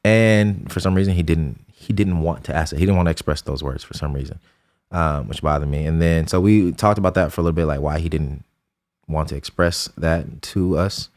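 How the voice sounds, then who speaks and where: Young adult male podcast co-host, deep voice, earnest reflective storyteller. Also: brisk, a little mellow. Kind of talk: casual conversation.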